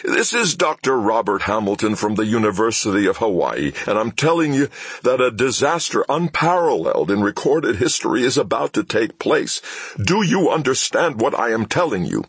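A desperate older scientist, frantic and shouting, his husky voice leaping up high in pitch as he pleads to be heard, as a man reading the story acts him out. It sounds dry and close to the mic. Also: very animated, normal speed, dry recording, heavily acted. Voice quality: shouting and stammering in alarm.

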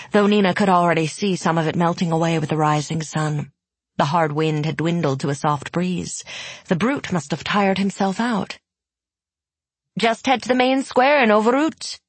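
This audiobook narrator is a woman with a husky, low voice reading scripted narration. Her intonation stays fairly even, she speaks at a normal speed, and the recording is dry.

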